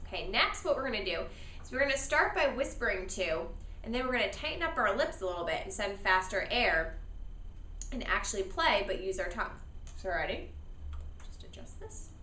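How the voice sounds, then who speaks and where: A woman teaching a beginner saxophone class in a bright, animated voice. She talks patiently and encouragingly, modeling each step and having students echo her. The sound is roomy and a little distant from the mic, with faint background noise. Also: mid-range voice, a little fast. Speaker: music teacher.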